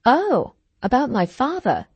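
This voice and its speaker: A woman voicing a brusque young athletic gentleman. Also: fairly high pitch, wildly swooping pitch, measured pace, slightly rough, no echo, voice pushed up, exaggerated voice. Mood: relieved. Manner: brusque and explosive. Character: blunt, hot-tempered young male athlete gentleman.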